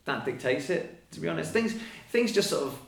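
An elite mountain runner talks casually as a podcast guest, chatty and fond of acting out little quoted exchanges. His gravelly voice is a little high, brisk, and lively in intonation. The recording has a roomy echo.

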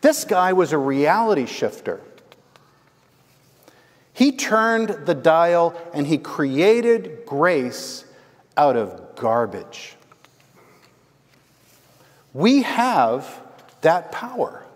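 A man's voice: a little high, very animated, very slow, long pauses. A man preaching a sermon as the pastor, telling a story and asking the congregation "right?". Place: church. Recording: long hall reverb.

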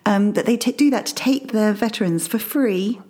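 Breathy-voiced woman co-hosting a chat. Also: mid-range voice, dark tone. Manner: encouraging listener, quick short reactions. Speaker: podcast co-host. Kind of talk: casual chat.

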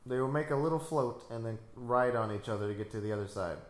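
A man's voice: medium pitch, fast. A man chatting casually through a movie commentary, playful and silly, explaining things with jokes. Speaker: commentary co-host. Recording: echoey room.

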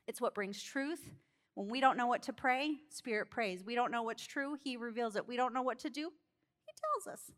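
High-voiced woman preacher, animated storyteller. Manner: animated storytelling, acts out characters, laughs. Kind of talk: sermon.

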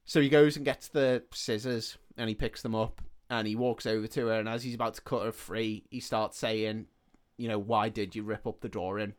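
A man's voice: on the low side, fairly even intonation, moderate pace, few pauses. Man recapping a film plot. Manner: retells the plot loosely, acting out the characters' lines. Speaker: podcast host. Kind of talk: casual film recap chat.

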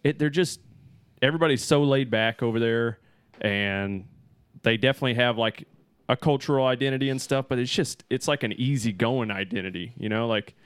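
Young guy, smooth clear voice, laid-back rambling chat, dry close sound. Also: mid-range voice, brisk, no echo. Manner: relaxed storytelling, many fillers like "like" and "man". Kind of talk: casual chat.

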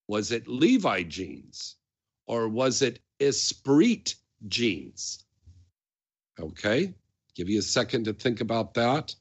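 A man's voice: mid-range voice, slightly rough. A man hosting a radio show, talking casually in a chatty, rambling way with many fillers. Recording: dull lo-fi sound.

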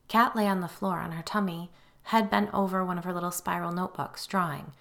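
A middle-aged woman reading her own memoir as an audiobook, telling it with lively expression. Her voice is low and gravelly with a bright, forceful tone. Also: brisk. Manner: expressive storytelling, acting out her own quoted lines. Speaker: audiobook narrator. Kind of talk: first-person memoir narration.

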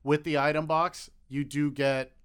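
A man's voice: on the high side, level tone, unhurried, a bit bright, clean tone. A man co-hosting a casual podcast, talking in a blunt, crude, joking way. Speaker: podcast co-host.

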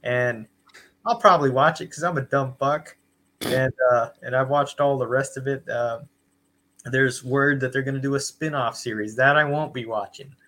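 A man co-hosting a podcast with a bright, forceful voice. He rants bluntly and swears freely in casual chat. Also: medium pitch, moderate pace. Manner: blunt, profane ranting. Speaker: podcast co-host.

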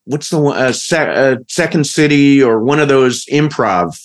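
A man's voice: mid-range voice, expressive, moderate pace. A man hosting a podcast, playful and joking in a casual, rambling chat. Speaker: podcast host.

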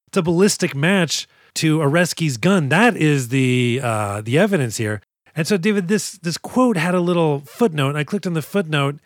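A man co-hosting a podcast, recapping a movie in casual chat, animated and profane as he acts out scenes. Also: on the high side, normal speed, no room sound, clean studio sound. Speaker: podcast co-host.

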